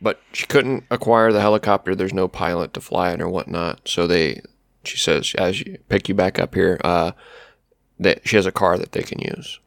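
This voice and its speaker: A man with a very low voice breaking in to set the plot record straight during a casual podcast chat. His sound is dry and close to the mic. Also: fairly even intonation, normal speed, gravelly, a bit bright, no echo. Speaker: podcast co-host. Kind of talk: casual movie discussion.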